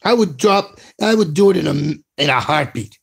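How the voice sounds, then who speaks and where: A man's voice: a little high, animated, moderate pace, vocal fry, slightly rough. A man delivering an impassioned, profane video rant as a commentator. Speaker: political commentator.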